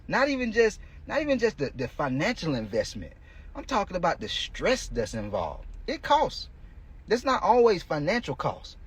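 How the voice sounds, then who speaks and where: A man's voice: high voice, breathy edge. A male coach hosting a podcast, giving a blunt, profane motivational monologue in casual street talk.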